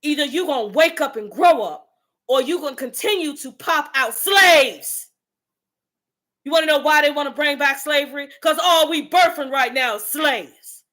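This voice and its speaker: A woman launches into an impassioned motivational rant, fiery and preachy throughout. Her voice sits high and rings bright and sharp. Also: animated, a little slow. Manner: fiery, preachy, street-talking. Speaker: host.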